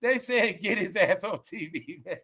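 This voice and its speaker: A man's voice: high voice, expressive, normal speed, gravelly, sharp tone, breathy edge. A man hosting a casual commentary stream, slangy and profane, laughing often as he tells stories. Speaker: commentary livestream host.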